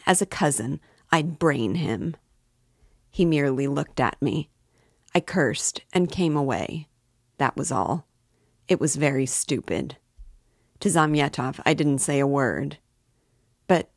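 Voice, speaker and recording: A woman reading a classic novel aloud in a slow, measured way, lightly shifting her voice for each character. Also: deep voice, no echo, clean studio sound. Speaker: reader. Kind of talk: audiobook-style novel reading.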